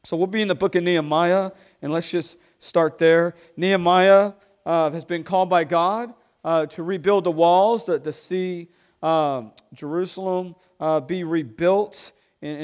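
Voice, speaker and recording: A man preaching a sermon as pastor, energetic, with call-and-response and hushed storytelling. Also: a little high, clean tone, highs cut off. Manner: drops to hushed tones when telling a story. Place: church.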